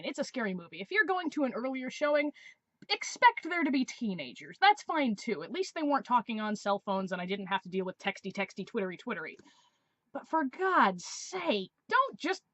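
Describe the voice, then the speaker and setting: A woman's voice: a little high, no echo, dull audio. A woman in her twenties, a vlogger telling a story in a sarcastic, exasperated way. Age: 20s. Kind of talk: casual storytelling review.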